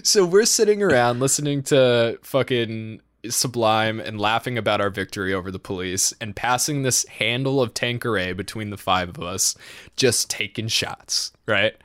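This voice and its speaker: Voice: medium pitch, moderate pace, a bit bright, dry recording, studio quality. A young adult telling a wild party story in casual chat, swearing often, laughing, and saying "dude" and "like" a lot. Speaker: podcast storyteller.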